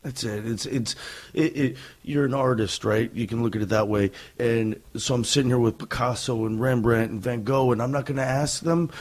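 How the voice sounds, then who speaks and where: A young adult man, a guest on a podcast, who talks in a reflective, self-deprecating way with many halting restarts. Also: mid-range voice, steady tone. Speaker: guest wrestler. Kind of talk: casual interview talk.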